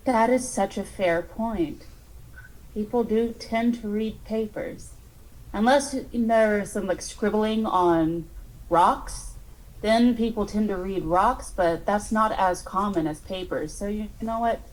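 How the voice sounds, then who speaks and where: A woman's voice: mid-range voice, slow, rough recording. Joking woman player, mid voice, rambly and playful. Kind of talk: tabletop role-play.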